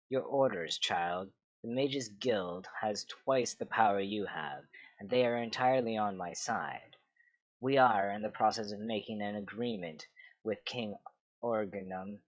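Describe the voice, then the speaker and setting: A man's voice: on the low side, measured pace, dry recording, highs cut off, close to an everyday voice. A man voicing a haughty scheming queen. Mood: imperious. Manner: haughty, cutting. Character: scheming proud queen mother, imperious.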